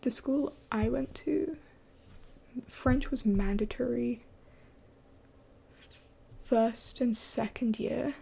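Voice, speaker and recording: A young woman whispers through a late-night live stream, slow and unhurried, her hushed voice gravelly with fry. The tone is dark and mellow, breathy at the edges, as she answers chat bluntly and with the odd curse. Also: on the high side. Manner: mostly whispering, blunt and swearing.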